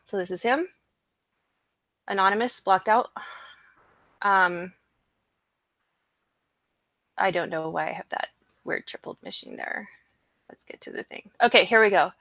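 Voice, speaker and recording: A young adult woman hosting a casual live stream, talking in an excited, rambling way with lots of fillers. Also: mid-range voice, a little slow, long pauses, dry recording. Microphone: computer mic, screen sharing.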